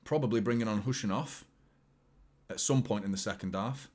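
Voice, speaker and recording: A man hosts a football watchalong, chatting casually and reacting live to the game with match commentary. He talks fairly quickly, jumping between excited outbursts and low, muttered asides.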